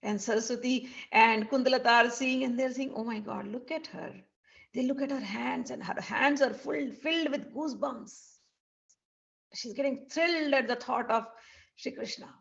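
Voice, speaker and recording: A woman tells a devotional story with animation, slipping into the characters as she goes. Her voice sits a little high. The recording is dull and lo-fi. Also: normal speed, vocal fry.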